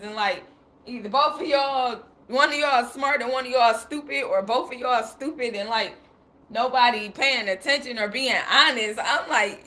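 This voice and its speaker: A young woman hosting a livestream talks in a high, bright voice. She tells stories casually, with lots of slang, and laughs as she quotes herself. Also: moderate pace. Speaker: livestream host.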